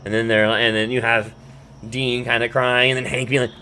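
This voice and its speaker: A man's voice: mid-range voice, little pitch movement, normal speed, bright, forceful tone, slight background noise. A man hosting a podcast, recapping a cartoon episode in a loose, rambling way, swearing often and filling gaps with "um" and "like". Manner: rambling, profane, full of fillers and restarts. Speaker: podcast host.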